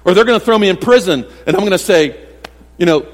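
Pastor preaching in a reverberant hall. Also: male voice, on the high side, rapid-fire. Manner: conversational preaching with self-deprecating humor and acted-out quotes. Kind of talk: sermon. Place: church sanctuary.

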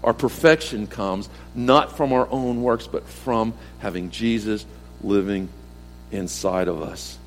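A middle-aged pastor preaching a sermon in a conversational way, asking rhetorical questions and repeating key phrases, swinging between emphatic lines and soft, low ones. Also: male voice, takes it slowly, slight background noise. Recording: long hall reverb.

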